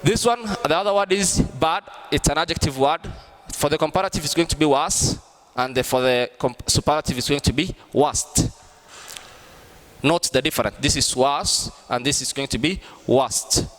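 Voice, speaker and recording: A man teaching an online grammar lesson, explaining slowly and repeating himself. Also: a little high, fairly bright tone, in a large hall. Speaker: English teacher.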